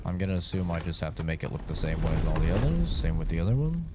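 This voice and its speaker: A man's voice: sits low, fast talker, heavy background noise. A man streaming a game live, chatting casually and trading crude jokes. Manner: crude joking banter. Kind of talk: casual live-stream chat while playing. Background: game music.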